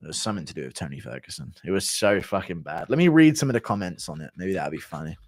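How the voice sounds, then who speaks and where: A man's voice: sits low, very animated, fast talker. Blunt man mocking a clip on stream. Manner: blunt, mocking, swears casually. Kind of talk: casual live-stream commentary.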